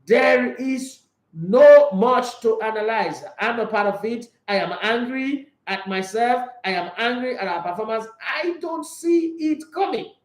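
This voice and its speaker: A man doing a rough impression of a dejected male football coach, with an attempted German accent. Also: very high voice, animated, a little slow. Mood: glum. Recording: roomy echo.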